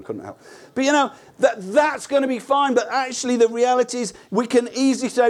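A high-voiced man preaches an earnest, conversational sermon. He often restarts his words and turns to the listeners with rhetorical questions. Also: very animated, brisk, hardly any pauses.

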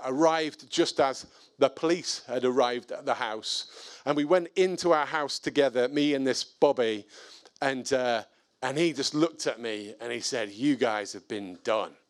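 A man telling a personal story in an animated, self-deprecating way. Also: mid-range voice. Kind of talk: storytelling talk.

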